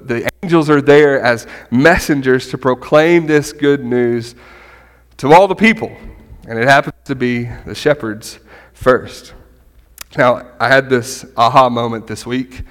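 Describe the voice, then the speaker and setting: A man's voice: mid-range voice, measured pace. Chatty man preaching in a reverberant hall. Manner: conversational, animated, keeps asking "right?". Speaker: pastor. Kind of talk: sermon.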